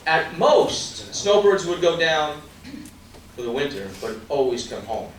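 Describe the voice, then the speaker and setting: A man's voice: on the high side, big pitch swings, unhurried, a little hiss or hum. Emphatic male candidate in an echoey hall. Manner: emphatic, rhetorical questions, asides to the crowd. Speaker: political candidate. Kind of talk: campaign stump speech. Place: indoor political party meet-and-greet. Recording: very echoey room from far off.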